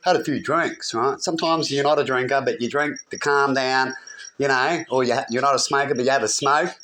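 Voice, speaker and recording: A man's voice: mid-range voice, fairly even intonation, a little fast, sharp tone, slight background noise. A man ranting heatedly to camera, rambling and often asking "right?". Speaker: vlogger. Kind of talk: agitated personal rant.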